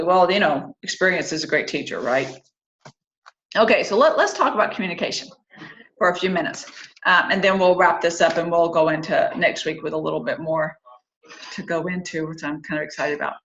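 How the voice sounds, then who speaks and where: A woman in her fifties hosting an online group discussion, chatting casually and turning animated and opinionated as she goes. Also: on the low side. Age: 50s. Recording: roomy, dull lo-fi sound.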